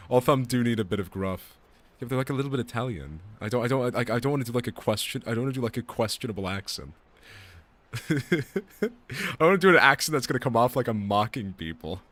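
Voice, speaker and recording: A male streamer chatting casually, excitable and swearing, laughing often and tripping over his words. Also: medium pitch, brisk. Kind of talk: casual chat on a live stream.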